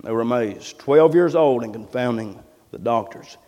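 A man preaching a sermon with fervent, repetitive phrasing that builds to loud exclamations. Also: mid-range voice, moderate pace. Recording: long reverb of a church hall.

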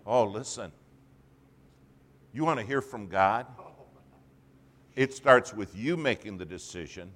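A man preaching a sermon and telling a story, his voice swinging from hushed to loud. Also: fairly low pitch, takes it slowly, long pauses. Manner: storytelling, animated.

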